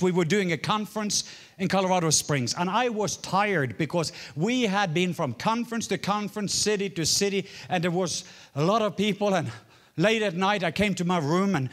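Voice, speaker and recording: Guy in his 40s preaching, storytelling, gets loud then goes real quiet. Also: high-pitched. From Norway. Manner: storytelling, swinging from loud exclaims to hushed murmurs. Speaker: guest preacher. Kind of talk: sermon.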